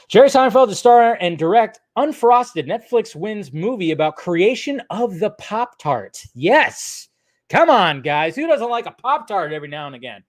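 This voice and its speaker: A man hosting a casual movie news livestream, rambling loosely and laughing often as he swears. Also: high-pitched. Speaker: movie news channel host.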